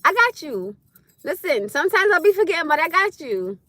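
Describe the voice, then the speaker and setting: A woman chatting casually on a livestream, loud and laughing often as she answers comments. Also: very high voice, big pitch swings, brisk, no echo. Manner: loud, laughing, talks back to chat. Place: in her car.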